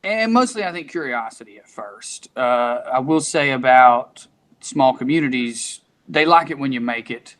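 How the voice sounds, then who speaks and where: A man's voice: medium pitch, animated, moderate pace, a bit bright. A man in his thirties from East Tennessee with a local accent, chatting candidly as a comedian guest and telling stories in folksy quotes. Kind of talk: casual podcast chat.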